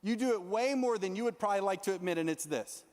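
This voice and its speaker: A young man with a high, light voice tells a story as a youth sermon. He is animated and pokes fun at himself. His words ring with the long reverb of a large hall. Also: fast talker. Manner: animated, self-mocking storyteller who acts out his own lines. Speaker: youth pastor.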